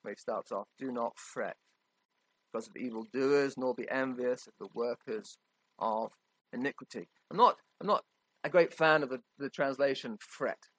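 Male preacher, mid-pitched, plain conversational sermon delivery, dry close sound. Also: normal speed, a bit bright, breathy edge, no room sound, poor audio. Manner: conversational, emphatic, checks in with "okay?".

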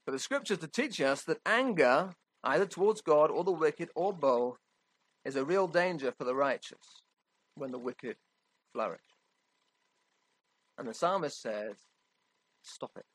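A man's voice: on the high side, lively intonation, measured pace, long pauses, poor audio. A man preaching a sermon in a conversational, emphatic way, often checking in with his listeners.

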